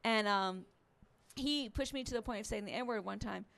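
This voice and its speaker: Woman, stand-up comic, profane, rambling, bright, sharp tone. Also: medium pitch, normal speed, vocal fry, a little hiss or hum. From Alabama, US. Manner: rambling, profane, self-mocking. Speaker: stand-up comedian. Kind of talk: stand-up set. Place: resort stage, in front of a live audience.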